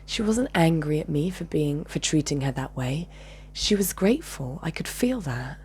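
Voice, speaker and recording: A woman's voice: low-pitched, animated, normal speed, slight background noise. A woman telling a personal story to her channel with intensity, swearing and dropping into whispers. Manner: intense, swings between loud and whispered, swears. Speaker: channel host.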